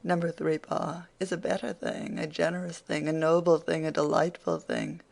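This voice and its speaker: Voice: medium pitch, little pitch movement, moderate pace, creaky, darkish tone. An audiobook reader voicing a spirited, teasing young woman who scolds her father playfully.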